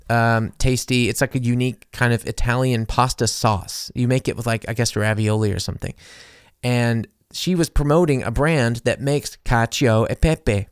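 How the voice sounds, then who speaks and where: Podcast host, young man. Gravelly, dry close-mic sound. Chatty and animated storyteller. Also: medium pitch, dry recording. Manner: chatty, animated, lots of fillers and acted-out quotes. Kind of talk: casual storytelling monologue.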